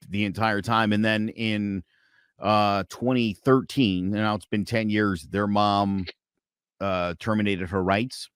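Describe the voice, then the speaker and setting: A man's voice: clean tone, no echo, studio quality. A man guest on a podcast, telling a personal story in casual chat, swearing now and then and acting out the other people's lines. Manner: animated storyteller acting out quotes with big pitch swings.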